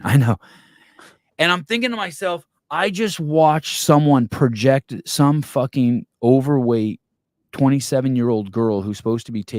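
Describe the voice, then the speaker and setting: A man hosting a podcast, telling a long story in a casual, animated way, swearing often and restarting his sentences. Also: mid-range voice, no echo, clean studio sound. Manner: animated, profane, rambling with many restarts. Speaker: podcast host.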